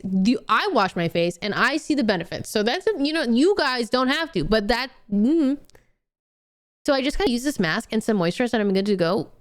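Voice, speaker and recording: Young woman streamer, smooth clear voice, blunt and sweary, scolds with a grin. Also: fairly high pitch. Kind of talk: casual chat with viewers.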